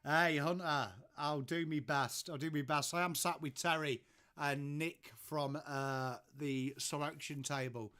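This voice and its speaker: An English-accented man hosts a live stream from home in a relaxed, chatty way. His voice sits a touch higher than most men's. He keeps addressing viewers by name and answering their messages as they come in. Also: measured pace, clean tone. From England. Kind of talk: casual live watchalong chat.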